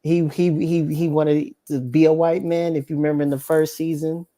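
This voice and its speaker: Casting note: male caller, mellow dark tone, insistent, keen to speak. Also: on the high side, level tone, normal speed. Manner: eager, insistent. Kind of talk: casual chat.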